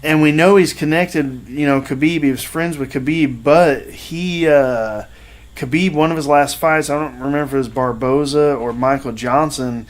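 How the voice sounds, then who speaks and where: Rambling, slightly high-voiced man. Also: normal speed. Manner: rambling storytelling with many fillers. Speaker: podcast co-host. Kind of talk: casual podcast chat.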